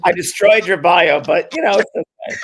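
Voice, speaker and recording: A man's voice: high-pitched, normal speed, noisy background. A man hosting a spiritual talk show, chatting casually and rambling a little, with frequent restarts. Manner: rambling, restarts often, laughs while talking. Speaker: host, medium. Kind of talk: casual chat.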